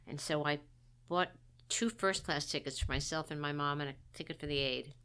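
A woman's voice: low voice, fairly quick, fairly bright tone, clear, resonant tone. A middle-aged woman, a guest, recounting a personal story in a candid, wry, self-deprecating way.

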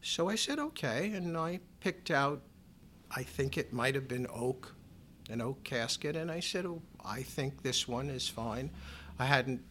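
A middle-aged man in an interview, telling a personal story in a measured, wry way, raising his pitch to act out other people's lines. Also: fairly bright tone, a little hiss or hum.

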